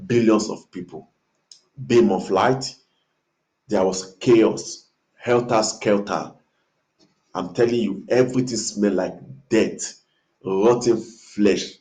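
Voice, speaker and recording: Lowish-voiced man recounting a vivid dream. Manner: animated retelling, imitating trumpet blasts, repeating phrases for emphasis. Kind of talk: dramatic storytelling of a dream.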